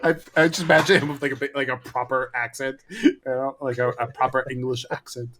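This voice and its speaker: A man's voice: mid-range voice, a bit bright. A man playing a tabletop game, talking casually with many fillers and frequent laughs. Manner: slow, filler-heavy, laughing. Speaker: player.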